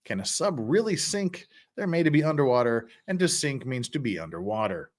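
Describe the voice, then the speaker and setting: A man's voice: medium pitch, a little fast. A man hosting a casual livestream, reading chat messages and rambling with frequent chuckles and restarts. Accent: American. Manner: lively, rambling, chuckles often, restarts words.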